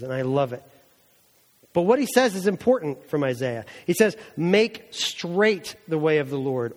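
A man's voice: fairly high pitch, in a large hall. A male pastor giving a conversational sermon and acting out the people in the story as he goes. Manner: conversational preaching, voicing characters in asides.

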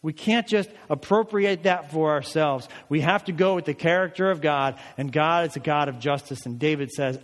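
A man's voice: fairly high pitch, moderate pace, hardly any pauses. A male pastor preaching a sermon, rising into emphatic calls during prayer passages. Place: church sanctuary. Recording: long church hall reverb.

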